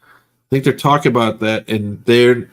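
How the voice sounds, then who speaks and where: A man's voice: mid-range voice, a little slow. A man in a casual chat, teasing and talking freely.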